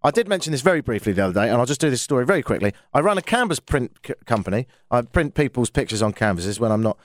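A middle-aged Londoner hosts a call-in radio show from the studio, chatty, jokey and self-mocking. He talks very fast in a sing-song, mid-range voice, and the studio-quality recording has no room sound.

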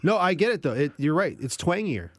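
A man working as studio producer, giving quick, hesitant replies in casual radio chat. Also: on the high side, very animated, no room sound.

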